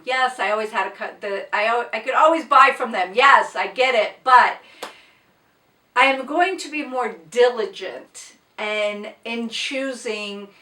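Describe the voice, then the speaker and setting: A woman's voice: a little high, sharp tone, roomy sound, distant mic. A woman vlogging casually about quilting, gushing and choked up with tears as she thanks a company. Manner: gushing, emotional, exclaims and gasps often. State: choked up, tearful. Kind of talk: casual unboxing vlog.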